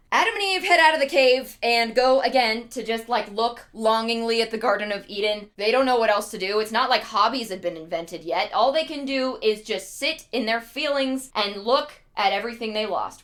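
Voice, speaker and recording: A woman's voice: a little high, fairly bright tone. A young woman streamer retelling a legend comically, in a chatty, sarcastic way with asides. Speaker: streamer and storyteller.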